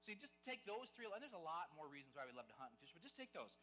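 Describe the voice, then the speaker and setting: A man giving a live storytelling speech as guest speaker at a game dinner, animated and conversational, acting out the lines of the people in his stories. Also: a little high, racing, a little hiss or hum, low-quality recording.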